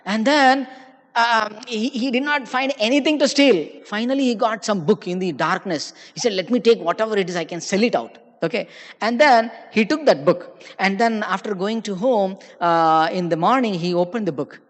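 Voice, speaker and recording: A man's voice: sits high, moderate pace. A man giving a storytelling sermon at a temple Sunday program. He acts out his characters' lines and often checks in with his listeners. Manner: tells anecdotes, acting out characters' lines and often checking in with "okay?". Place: temple hall. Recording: long reverb of a large hall.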